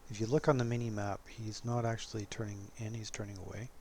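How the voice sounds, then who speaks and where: A man giving relaxed, casual commentary over his own gameplay footage, chuckling often and poking fun at himself. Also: lowish voice, fast talker, a little hiss or hum.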